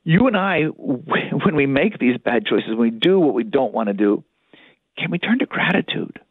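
Priest talking on catholic radio, voice swings up and down a lot, tinny phone sound. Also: male voice, medium pitch, very animated, normal speed, husky, no echo. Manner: earnest preaching, voices inner thoughts, repeats for emphasis. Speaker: priest, spiritual director.

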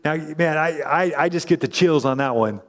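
In a large hall, a man with a highish voice delivers a sermon at normal speed. He is a pastor and an adult parent, and he keeps things conversational while voicing the characters in his story.

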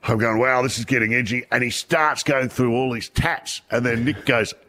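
A man's voice: medium pitch, fairly even intonation, normal speed, bright, forceful tone, slight background noise. A middle-aged Australian man telling funny anecdotes in casual chat, laughing through his punchlines. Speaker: radio show guest.

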